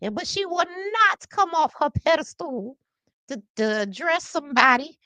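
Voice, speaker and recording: High-pitched elderly congresswoman as a woman impersonates her, squeaky, slow and stately, dry close sound. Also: expressive, bright, forceful tone, no room sound, low-quality recording. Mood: haughty. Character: elderly woman lawmaker, dignified, aloof.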